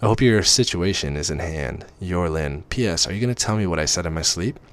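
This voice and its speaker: A man's voice: low-pitched, expressive, brisk. A man reading the emails of a flustered, teasing young woman in an audiobook-style story, in a playful, exasperated manner.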